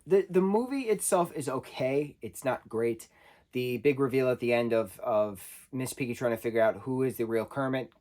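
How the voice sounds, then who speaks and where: A man's voice: medium pitch, a little mellow. A man giving a casual spoken film review, talking loosely and correcting himself as he goes. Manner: conversational, self-correcting, loosely rambling.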